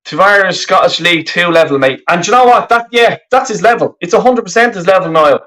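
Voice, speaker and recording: A man's voice: sits high, expressive, a little fast, pushed and bright, poor audio. A man hosting a live football fan stream, furious and swearing heavily as he rambles through his complaints. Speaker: fan channel host. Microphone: webcam.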